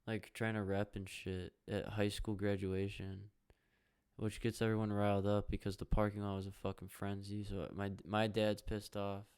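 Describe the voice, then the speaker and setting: A young man from the hosting a casual solo podcast, rambling with heavy profanity and reacting out loud to a hockey game. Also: on the low side, completely flat delivery, normal speed, smooth. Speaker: podcast host.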